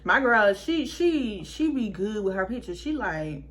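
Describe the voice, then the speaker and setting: A woman's voice: mid-range voice, very animated, measured pace, fairly bright tone. A young woman vlogger telling a story in a casual, chatty way, talking straight to her viewers.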